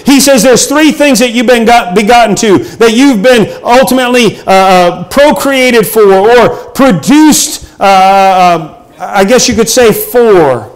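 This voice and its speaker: A middle-aged male pastor delivers a sermon in an earnest, emphatic way. His voice sits notably high. He pauses and hesitates often between his points.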